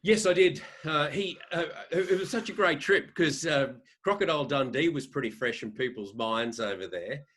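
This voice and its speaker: A man's voice: on the high side, moderate pace, few pauses, fairly bright tone, breathy edge. A man in his fifties with an Australian accent, a podcast guest telling anecdotes in a rambling way with many restarts. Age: 50s. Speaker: podcast guest, sports editor. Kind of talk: casual interview storytelling.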